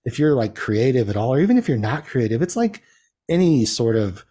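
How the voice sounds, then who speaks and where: A man's voice: medium pitch, sing-song, a little fast, dark tone. A man as a podcast guest, chatting casually in a rambling way and laughing often at himself. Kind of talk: casual chat.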